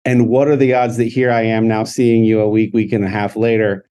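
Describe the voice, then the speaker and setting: A man's voice: fairly low pitch, little pitch movement, a little fast, warm tone, smooth. A man co-hosting a podcast, telling an anecdote in casual chat, laughing often and acting out the dialogue. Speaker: podcast co-host.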